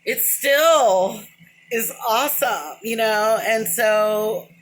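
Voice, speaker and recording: Very slow and fairly high-pitched, this middle-aged vlogger talks to a camera within arm's reach, with slight background noise. She calls herself rambling, drifts between thoughts with "but anyway," and in this casual, emotional monologue talks openly about crying.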